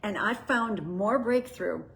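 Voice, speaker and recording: A woman's voice: medium pitch, takes it slowly, vocal fry, a bit bright. A middle-aged woman hosting a show, sharing a personal testimony in an earnest, conversational storytelling way. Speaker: host.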